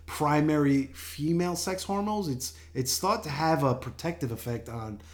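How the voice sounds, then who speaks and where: A man's voice: fairly high pitch, moderate pace. An older man hosting a health show in a casual monologue, chatty, often laughing and full of fillers and restarts.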